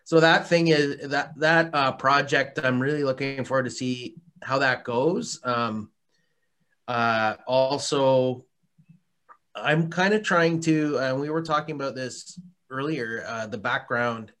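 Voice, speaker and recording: A man talks as a guest in a casual podcast interview, his voice bright and clear at an ordinary pitch. He rambles along with frequent restarts and fillers and laughs often. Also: fairly even intonation, slow. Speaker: interview guest, hot sauce maker.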